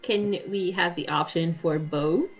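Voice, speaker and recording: A woman's voice: lowish voice, a little slow, lo-fi sound, soft background music. A woman narrating an interactive story game on a livestream as game master, slipping between storytelling and giggly chat.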